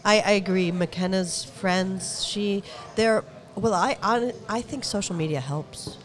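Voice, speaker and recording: A middle-aged woman hosting a casual podcast chat, earnest and quick to laugh. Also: lowish voice. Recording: lively crowd noise behind.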